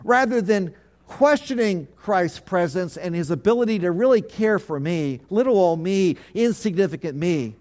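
A man's voice: high-pitched, lively intonation, normal speed, a little mellow. A man, a pastor, preaching a sermon, leading his congregation to repeat phrases back, with earnest, repetitive emphasis.

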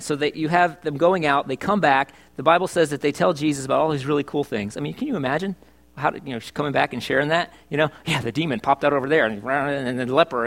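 A middle-aged male pastor preaching a sermon in church, chatty and joking, asking his congregation questions. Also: fairly high pitch. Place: church service.

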